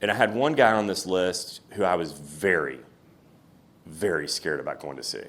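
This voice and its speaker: Deep-voiced candid man. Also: moderate pace, fairly bright tone. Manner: candid, reflective storytelling with restarts. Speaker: company CEO, guest speaker. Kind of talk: fireside chat on stage. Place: room with an audience.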